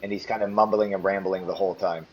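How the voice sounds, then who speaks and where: A man's voice: low-pitched, fairly even intonation, quick pace, highs cut off, a little hiss or hum. A man narrating as game master in a tabletop game, hesitant and full of ums and restarts.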